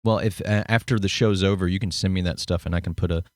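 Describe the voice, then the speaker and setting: A man's voice: sits low, fast, no echo, studio quality. A man hosting a podcast, chatting casually and telling rambling stories. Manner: rambling, animated storyteller. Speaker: podcast host. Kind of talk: casual conversational interview.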